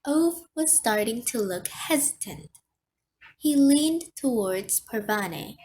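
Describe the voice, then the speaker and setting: A woman reading an audiobook aloud in a slow, expressive manner. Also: a little high, a little hiss or hum. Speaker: audiobook reader. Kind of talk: audiobook narration.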